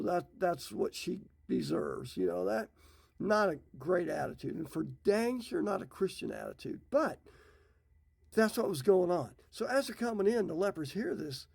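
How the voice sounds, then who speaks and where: Middle-aged guy, folksy bible storytelling, gravelly voice, sits a bit high. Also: a little mellow. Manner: folksy, retells scripture in his own words. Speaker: Bible teacher.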